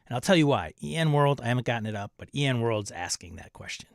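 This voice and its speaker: A chatty man hosts a casual livestream about tabletop games, reading out viewer comments and bantering back. His voice sits mid-pitch for a man and is recorded close and dry, with no room sound. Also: animated, fast talker, creaky, dry recording. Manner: chatty, reads viewer comments aloud and jokes around. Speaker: livestream host reading chat. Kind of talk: casual chat.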